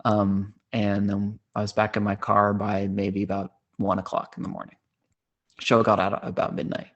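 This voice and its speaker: A man's voice: lowish voice, monotone, normal speed, fairly bright tone, dull audio. A man in his thirties, a podcast host, telling a personal story in a rambling, casual way with many fillers and restarts. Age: 30s.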